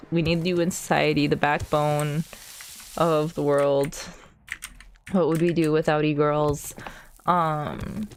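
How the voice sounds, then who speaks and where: A woman's voice: fairly low pitch, a little hiss or hum. A young woman streamer in casual chat while gaming, rambling and self-deprecating, full of fillers.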